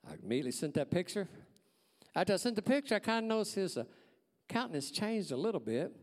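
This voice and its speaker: A man, telling a personal testimony in church as a folksy, animated storyteller. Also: sits high, fast talker, in a large hall. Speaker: church staff member giving a testimony.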